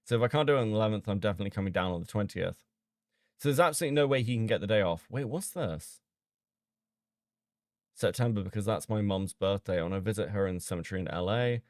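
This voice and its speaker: A man streaming casually as he reads out chat logs and reacts with sudden loud disbelief and swearing. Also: fairly low pitch, animated, quick pace, no room sound, clean studio sound.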